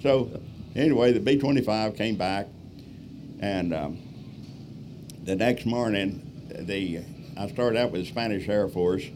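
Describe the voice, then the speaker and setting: A man's voice: lowish voice, unhurried, pauses often, noisy background. A man telling a rambling, folksy story from the stage as a guest speaker. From Texas. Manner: folksy, rambling, lots of fillers. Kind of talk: storytelling talk.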